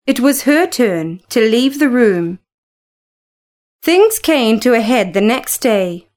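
A woman narrating a classic novel as an audiobook, in a calm and measured way. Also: on the high side.

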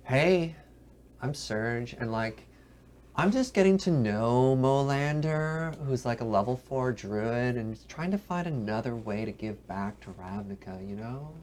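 Quiet, laid-back male player. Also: medium pitch, lively intonation, a little slow, a little hiss or hum. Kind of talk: casual tabletop play.

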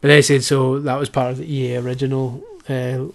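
A man talks through a podcast with a friend in a loose, sarcastic way. He swears freely, laughs often and sits at an ordinary middle pitch. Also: little pitch movement, fast talker, creaky. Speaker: podcast host. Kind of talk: casual chat.

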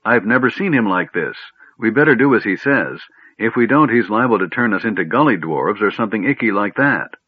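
A man's voice: deep voice, big pitch swings, husky, dry recording, heavily acted. A man doing an eager, curious little kender. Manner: quick, inquisitive, boyish. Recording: dry, tinny phone-like audio.

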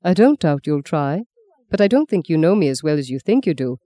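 A woman reading the part of a charming, guarded male priest who answers wryly and gently protests. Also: low-pitched, very animated, brisk, no echo.

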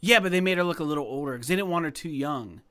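A man's voice: a little high, racing. Chatty man rambling on a gaming podcast. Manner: rambling, filler-heavy, excitable. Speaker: podcast co-host. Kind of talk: casual gaming chat.

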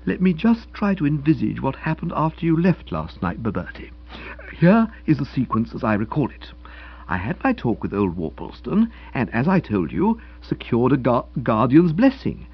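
A fussy, flustered young author gabbles out excuses in a raised, stammering voice that a man puts on, the pitch leaping about. The sound is husky and a little dull, like a lo-fi audiobook recording. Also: wildly swooping pitch, moderate pace, exaggerated voice. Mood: placating. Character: flustered young male author, talkative and self-justifying. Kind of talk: audiobook character reading.

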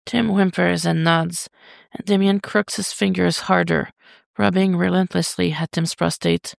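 A reader narrating a fan story as an audiobook, in an intimate, even delivery. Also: medium pitch, unhurried, creaky, no echo, clean studio sound. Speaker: podfic reader.

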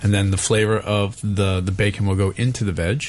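A man's voice: fairly low pitch, flat delivery, a little fast, a little mellow. A man co-hosting a radio show, explaining cooking tips in an easygoing, practical way. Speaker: radio co-host. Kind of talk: casual radio chat.

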